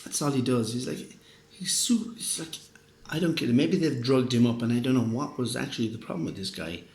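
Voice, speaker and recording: A man's voice: medium pitch, a little fast, a little mellow. A man rambling through a profane, earnest casual monologue, a bit drunk, with restarts and laughs. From Ireland. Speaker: podcast host. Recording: roomy echo, faint background noise.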